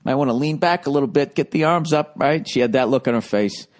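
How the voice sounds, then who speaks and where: A man hosting a comedy podcast who tells a rambling story, swearing constantly and getting loud and worked up as he goes. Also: medium pitch, fairly quick. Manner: gets loud and worked up while telling a story.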